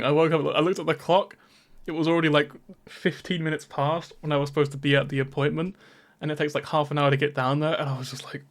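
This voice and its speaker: A man chatting on a game stream in a fairly high voice, talking straight into a dynamic microphone. He rambles from one thought to the next and swears freely. He laughs his way through his own stories. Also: a little fast. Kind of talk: casual stream chat.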